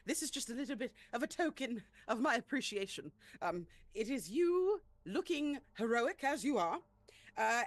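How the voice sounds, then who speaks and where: An earnest young female adventurer in a tabletop game, played by a woman. Her formal words rise and fall in a lively, animated voice. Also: a little high, no room sound, voice pushed up.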